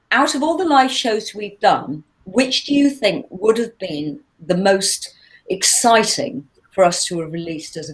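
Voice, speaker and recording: A woman in her sixties, a singer chatting casually through a fan Q&A, lively and laughing as she tells stories. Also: lowish voice, low-quality recording. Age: 60s. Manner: chatty, animated and laughing when telling stories. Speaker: singer hosting a live Q&A. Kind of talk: casual chat answering fan questions.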